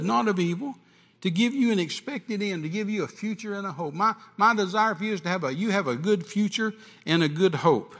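A man preaching a sermon, animated, rising to shouts at its peaks. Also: sits high. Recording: long hall reverb.

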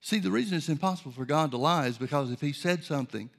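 A man preaching a sermon in a measured, emphatic teaching manner, repeating key phrases for weight. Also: a little high, gravelly, fairly bright tone.

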